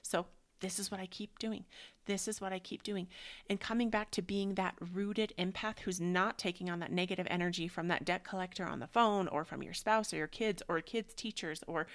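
A woman in her thirties talks through a spiritual book club in a loose, rambling way. Her voice sits a little low and carries a gravelly fry, and she often sinks into a hushed, dreamy whisper. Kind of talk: casual spiritual chat.

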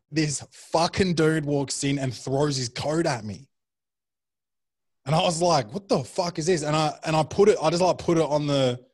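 A young man, a comedian guest, telling rambling anecdotes and swearing freely in casual chat. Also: mid-range voice.

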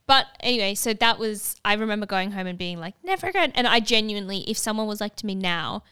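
A young woman telling a story in casual chat, animated and full of fillers, acting out what others said. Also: mid-range voice, fast talker, clean tone, no room sound, clean studio sound. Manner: animated, many filler "like"s, acts out dialogue.

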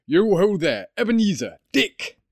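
A man's voice: very animated, unhurried, a little mellow, dry recording, studio quality, full character voice. A man voicing a jovial, fat old merchant in an audiobook, calling out in a rich, hearty voice. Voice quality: rich, hearty, booming calls. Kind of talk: audiobook character voice.

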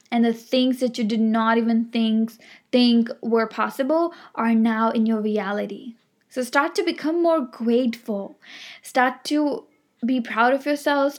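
A woman giving an earnest motivational talk, emphatic and repetitive, full of affirmations and frequent "like" fillers. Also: on the high side. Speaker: self-help speaker. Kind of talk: motivational monologue.

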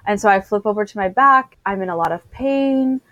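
A woman's voice: mid-range voice, a little fast, no echo, dull audio. A woman in casual chat, animatedly telling a personal story and acting out the voices of the people in it. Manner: animated storyteller, acts out what others said.

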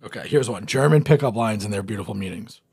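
A man's voice: lowish voice, quick pace, gravelly, darkish tone, breathy edge, no room sound. A young man co-hosting a podcast in casual chat, rambling, dropping lots of "like" and swearing freely. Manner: rambling, leans heavily on "like"; swears freely and laughs between lines. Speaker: podcast co-host.

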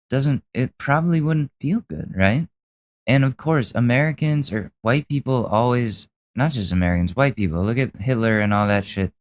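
Young podcast guy ranting about a clip, sarcastic, kinda low voice. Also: normal speed. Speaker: podcast host. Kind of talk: casual commentary.

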